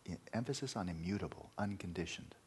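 A man's voice: sits low, quick pace, a little hiss or hum. A man teaching meditation in a dharma talk, emphatic, repeating key words and at times dropping to a near-whisper.

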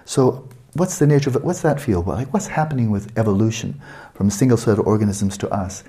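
A man's voice: on the low side, a little fast, warm tone. A man giving a spoken lecture as a meditation teacher, posing rhetorical questions with emphasis.

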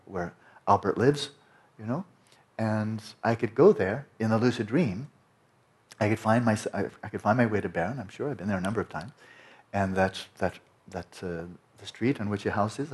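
A man teaching meditation in a relaxed dharma talk, conversational and rambling, with frequent restarts. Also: fairly low pitch. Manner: conversational, rambling with many restarts and "you know".

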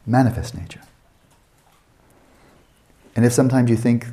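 A man guiding a meditation session as a teacher, unhurried and questioning, often checking in with his listeners. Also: fairly low pitch, mellow.

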